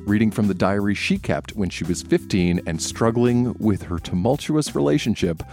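Man, host, scripted intro, very low pitch, calm and reflective. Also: moderate pace, soft background music. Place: live show venue.

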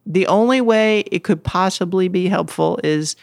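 Her voice lowish and a little mellow with some vocal fry, a middle-aged interview guest talks at a moderate pace in a relaxed conversation. She's sincere and thoughtful, breaking into laughter now and then and occasionally choking up, captured in a dry, clean studio recording.

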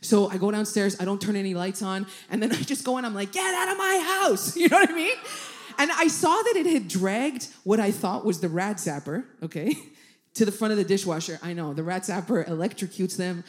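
A woman's voice: mid-range voice, brisk. A woman telling a comic story in stand-up style, swearing, laughing through her lines and acting out the people in it. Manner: animated, swears, laughs through lines, acts out quoted voices. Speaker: comedian.

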